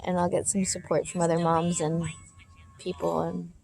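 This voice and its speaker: A woman's voice: on the low side, completely flat delivery, moderate pace, creaky, a little mellow, slight background noise. A woman talking in a loose, rambling, heartfelt way, chatting casually in a vlog. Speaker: parent vlogger.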